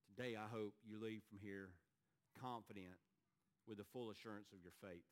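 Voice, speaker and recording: A male pastor preaching a sermon in a church to his congregation, earnest, rising to emphatic peaks and sinking low and quiet. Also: steady tone, normal speed.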